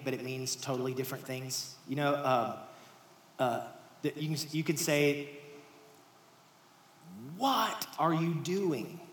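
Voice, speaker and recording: This sermon comes from a pastor whose voice sits on the high side, with slight background noise and a roomy hall sound carrying faint ambience. He speaks conversationally and directly to the congregation, moving between hushed near-whispers and raised, emphatic lines.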